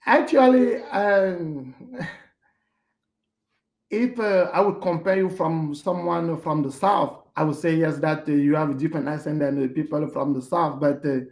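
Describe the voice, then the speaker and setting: A man's voice: fairly high pitch, a little slow, vocal fry, a little mellow, reverberant. A middle-aged man from Cameroon, a podcast guest speaking casually, with many hesitant fillers and restarts. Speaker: podcast guest, hotel manager. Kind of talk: casual interview conversation.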